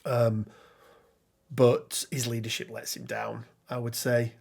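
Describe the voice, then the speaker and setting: A man's voice: mid-range voice, flat delivery, slow pace, vocal fry, darkish tone, slightly rough. Chatty man talking games. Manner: chatty, frequent ums and restarts, reads card text aloud. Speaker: podcast co-host. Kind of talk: casual tabletop game discussion.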